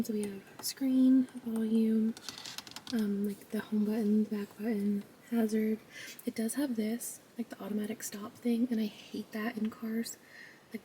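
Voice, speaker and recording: A young woman giving a soft-spoken ASMR car tour, chatty and full of fillers, often sliding into a whisper and a bit out of breath. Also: a little high, distant mic, slight background noise, rough recording. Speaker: ASMR vlogger. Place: inside a parked car.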